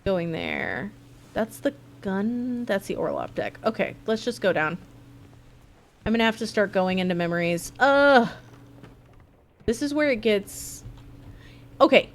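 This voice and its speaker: A young woman streaming a mystery game, chatting casually and thinking out loud as she plays. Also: medium pitch. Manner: chatty, thinking aloud, jumping between thoughts. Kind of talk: casual live-stream commentary.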